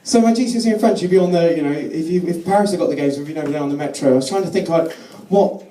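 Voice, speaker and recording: A man's voice: fairly high pitch, racing, warm tone. A man doing a live stand-up routine, chatty and sardonic, slipping into mock voices. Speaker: stand-up comedian. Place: comedy night at a London venue. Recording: echoey venue, distant mic, audience noise.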